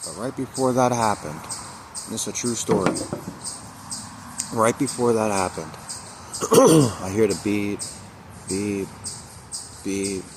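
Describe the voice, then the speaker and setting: A man's voice: lowish voice, slow pace, long pauses, background noise. A man candidly telling a personal story to camera, repeating phrases for emphasis and swearing now and then. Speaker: recovery vlogger.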